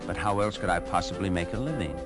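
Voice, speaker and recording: A man's voice: deep voice, quick pace, over music, lightly acted. A man voicing a cheerful, hearty old male donkey in a storybook record. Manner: hearty and coaxing.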